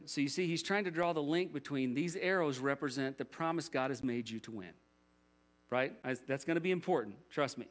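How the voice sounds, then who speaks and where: A man's voice: medium pitch, fairly quick. A man preaching a sermon as pastor, conversational, with rhetorical questions and jokey asides.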